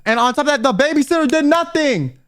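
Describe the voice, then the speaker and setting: A young man with a fairly high voice tells a personal story to his viewers in an animated, exasperated rant. His delivery swings between loud indignant bursts and low muttered asides. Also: quick pace. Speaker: vtuber storyteller.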